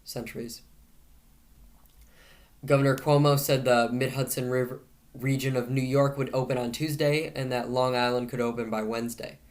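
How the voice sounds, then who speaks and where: A man at a middle pitch talks through the day's news into a camera. His tone is casually sarcastic, with dry jokes dropped between the headlines. He keeps tripping over his words and fixing them as he goes. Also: steady tone, normal speed. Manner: frequent self-corrections and restarts. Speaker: host of a news commentary show.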